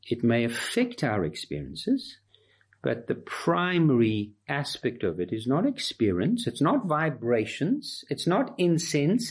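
A man delivers a sermon in a husky voice that rises and falls with lively movement. He drives his points home with emphatic, repeated phrases. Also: medium pitch. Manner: emphatic, rhetorical repetition. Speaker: preacher. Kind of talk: expository sermon.

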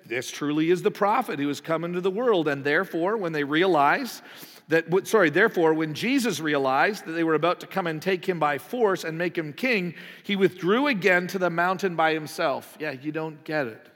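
Male pastor, slightly high voice, chatty sermon delivery, lots of rhetorical questions, echoing sanctuary. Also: moderate pace, fairly bright tone. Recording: long hall reverb.

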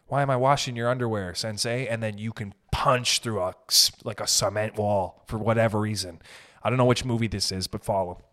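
A man ranting casually as a podcast host, profane and animated, swinging between loud bursts and muttered asides. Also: mid-range voice. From raised in an Italian family. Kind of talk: casual comedic rant.

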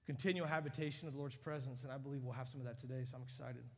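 A man preaching a sermon in a large church auditorium, animated and emphatic, building to loud peaks. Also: mid-range voice, racing, slightly rough. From United States. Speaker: guest preacher. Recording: long reverb of a large hall.

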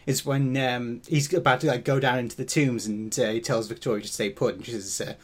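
Male co-host, easygoing, mid-pitched voice, casual chat. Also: steady tone, brisk. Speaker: podcast co-host.

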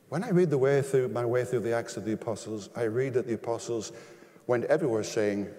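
An older man preaching from the pulpit in an emphatic, pleading way. He fires rhetorical questions and leaps up in pitch and volume to drive points home. His voice rings out with the long echo of a church hall. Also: fast, mellow. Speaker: pastor. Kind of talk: sermon.

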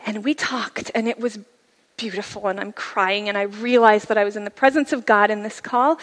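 A middle-aged woman giving a personal testimony from a church stage, her voice sitting a touch above the usual range for a woman. She tells it earnestly and conversationally, now and then dropping to a soft, hushed tone. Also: fairly high pitch, long reverb tail. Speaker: guest speaker sharing a testimony. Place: church service.

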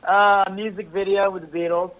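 A man's voice: sits high, little pitch movement, moderate pace, narrow, tinny audio. A man calling in to a comedy podcast, chatting in a laid-back, profane way. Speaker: caller. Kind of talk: casual phone-in chat.

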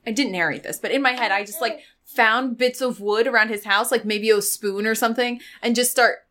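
Chatty woman player, higher voice. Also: a little fast, sharp tone. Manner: chatty, rambling with fillers. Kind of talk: tabletop game play.

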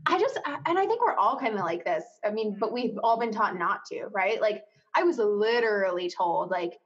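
A woman in her twenties, a coach and podcast guest, talking candidly in a casual, animated way. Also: mid-range voice, normal speed, lo-fi sound. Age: 20s.

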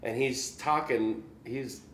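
Rambling musician telling stories, echoey room. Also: male voice, medium pitch, takes it slowly, a bit bright, a little hiss or hum. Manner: rambling, laughs often, lots of "you know". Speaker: musician guest. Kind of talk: casual storytelling. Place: room in Kansas City.

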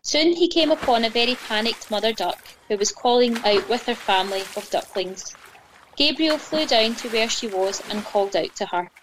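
A woman gently and expressively reading a children's fairy story aloud. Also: a little high, expressive, normal speed, slight background noise, rough recording.

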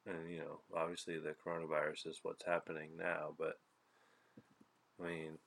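A man's voice: a bass voice, monotone, moderate pace, gravelly, a bit bright. A man co-hosting a podcast in casual chat, with a dry, teasing manner. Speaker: podcast co-host.

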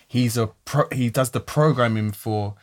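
A man hosting a casual podcast chat, telling a story in a relaxed, rambling way. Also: medium pitch, moderate pace.

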